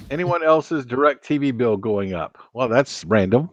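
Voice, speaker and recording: A man with a medium-pitched, lively voice hosts a casual late-night live stream on his laptop mic, speaking a little slowly. He jokes around and keeps reading out viewer chat and counts. The recording is dry, with a dull lo-fi sound.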